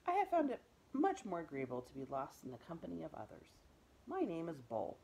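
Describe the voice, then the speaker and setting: A woman's voice: low-pitched, wildly swooping pitch, brisk, gravelly, slight background noise, full character voice, rough recording. Woman voicing a courtly bearded giant. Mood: kindly. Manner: formal, genteel, warm. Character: big bearded gentle man, courtly and formal.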